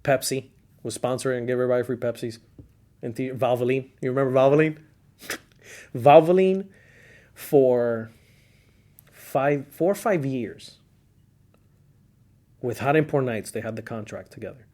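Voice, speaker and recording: A middle-aged man with a Cuban accent hosts a relaxed podcast chat. He tells stories with plenty of energy, laughs often and acts out what people said back then. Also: mid-range voice, normal speed, long pauses. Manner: animated storyteller, laughs often, acts out quotes. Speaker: podcast host. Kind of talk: casual car-scene chat.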